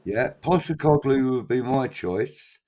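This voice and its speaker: A man's voice: medium pitch, lively intonation, a little slow, mellow. A man hosting a casual fan chat show, reading out viewer comments and talking things through with frequent ums. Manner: chatty, hesitant with many ums.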